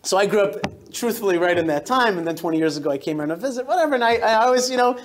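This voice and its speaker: A man in his forties, a rabbi giving a lively storytelling talk to a synagogue congregation, often restarting and repeating words. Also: high voice, racing, slight background noise. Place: synagogue hall.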